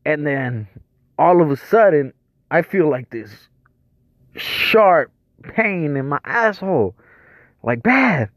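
A man with a somewhat high voice tells a crude, rambling comic story, swearing freely and chuckling as he goes. The recording is dull and lo-fi, with a dry, close sound and no room echo. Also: sing-song, slow, long pauses. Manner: profane, rambling, chuckles between lines.

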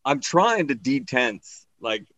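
A man doing a stand-up set, his voice bright and ringing. He swings his pitch widely as he tells his story, acting out each character's lines. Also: big pitch swings, slow pace, no room sound, rough recording. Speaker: stand-up comedian.

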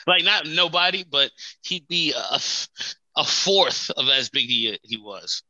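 Bright-voiced man in casual chat. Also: fairly high pitch, lively intonation, measured pace, no room sound, low-quality recording. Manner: loose, rambling, laughs often. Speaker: podcast co-host.

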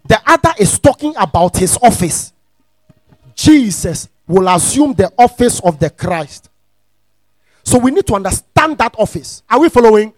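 A man preaching a teaching sermon. He repeats his phrases, checks that the congregation is following, and rises into shouted, sing-song emphasis. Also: very high-pitched, no room sound. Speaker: pastor.

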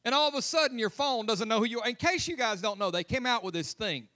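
A man's voice: very high voice, lively intonation, fast, pushed and bright. A man preaching a humorous, conversational sermon as pastor in a church. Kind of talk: lively sermon. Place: church sanctuary.

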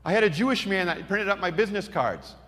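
A male preacher telling a story in a sermon, acting out the dialogue with lively energy. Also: high voice, quick pace. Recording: long hall reverb.

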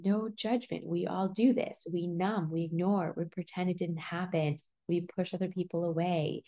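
Mellow-voiced woman hosting a podcast. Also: lowish voice. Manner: casual and reassuring, many "like" fillers. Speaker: podcast host. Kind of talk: solo podcast talk on personal growth.

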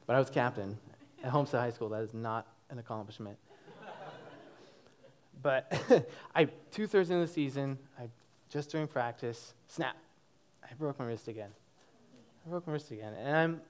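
Speaking in a mid-range voice, a young man in his twenties tells his church congregation his personal story of faith. He stays animated throughout and frequently breaks into laughter.

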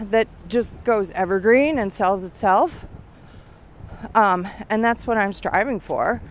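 Somewhat high in pitch, with a little hiss or hum, this middle-aged woman narrates a casual walking vlog outdoors, thinking aloud with plenty of fillers. Years of smoking have left her lungs weak, and heading uphill has her a bit out of breath.

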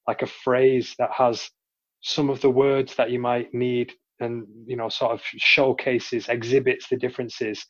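A man co-hosting a podcast, teasing his friend and rambling through his points. His pitch is ordinary for a man. The recording sounds dull and a little lo-fi. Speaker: podcast co-host. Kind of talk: casual chat.

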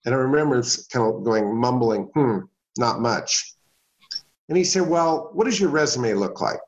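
A man's voice: mid-range voice, animated, a little fast. A middle-aged man telling a personal story as an interview guest, folksy and anecdotal, acting out the people in it. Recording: dull lo-fi sound.

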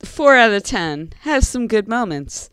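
A woman's voice: fairly high pitch, very animated, unhurried, fairly bright tone, clear, resonant tone, no room sound. A woman co-hosting a casual podcast, reading reviews aloud with a giggle. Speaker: podcast co-host.

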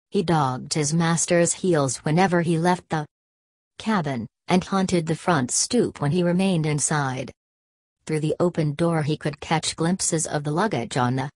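Brief: woman audiobook narrator, deep and unhurried, dry close recording. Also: a little mellow, no echo. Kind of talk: scripted narration of a classic novel.

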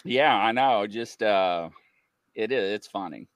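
A man hosting a casual chat show, telling funny stories with sudden loud outbursts. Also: fairly low pitch, slow, no room sound. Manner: animated, laughing storyteller with sudden loud outbursts. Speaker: host.

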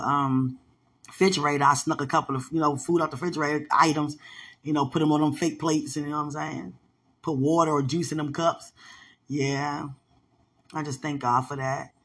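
Husky-voiced woman chatting affectionately. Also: fairly low pitch, fairly bright tone. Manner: rambling, affectionate, loose storytelling. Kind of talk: casual affectionate chat.

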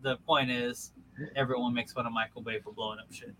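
A young man in casual podcast chat, telling stories with animated energy. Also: medium pitch, a little fast, slight background noise, low-quality recording. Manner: animated storytelling, loud put-on voices.

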